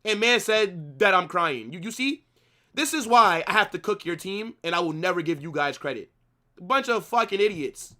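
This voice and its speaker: A man's voice: sits high, expressive, normal speed, pushed and bright. A young man hosting a live football watch-along, ranting at his viewers with heavy profanity and lots of repetition. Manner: profane, ranting, repeats himself.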